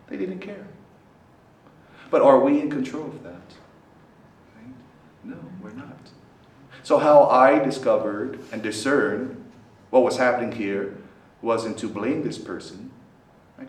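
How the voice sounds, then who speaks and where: A man, a priest, giving a talk to a student group. He keeps checking in with "right?" and swings his voice dramatically for emphasis. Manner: keeps asking listeners questions, tags "right?"; lively, dramatic swings in pitch and loudness. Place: meeting hall at a student center. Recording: roomy echo, from a distance, faint background noise.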